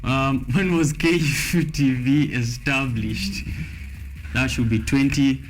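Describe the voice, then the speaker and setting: Kenyan male TV host, casual and jokey, mid-pitched, faint music under. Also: takes it slowly. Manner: laughing, playful. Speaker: TV show host. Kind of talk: casual quiz chat. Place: TV studio.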